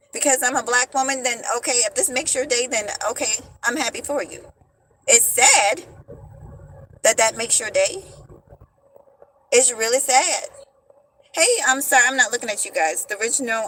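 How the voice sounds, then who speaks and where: A woman's voice: fairly high pitch, bright, forceful tone, slight background noise, poor audio. A woman hosting a livestream. She talks straight to her viewers in casual slang and repeats her points with emphasis, into a phone she holds in her hand. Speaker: livestream host. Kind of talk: livestream commentary. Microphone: phone held in hand.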